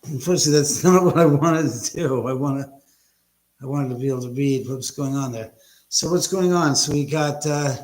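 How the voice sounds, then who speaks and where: A man's voice: mid-range voice, a little fast, darkish tone, roomy sound. A man hosting a casual live stream from his home, rambling and greeting viewers by name. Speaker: livestream host. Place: room at home.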